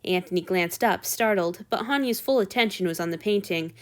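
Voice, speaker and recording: A woman reading fan fiction aloud with expressive storytelling narration. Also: mid-range voice, a little fast. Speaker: audiobook reader.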